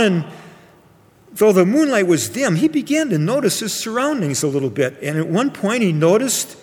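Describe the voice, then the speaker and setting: A man telling a bedtime story gently and without hurry, turning now and then to the children listening. His voice sits high for a man, and a long hall reverb trails after each phrase. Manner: gentle, unhurried, speaks directly to children.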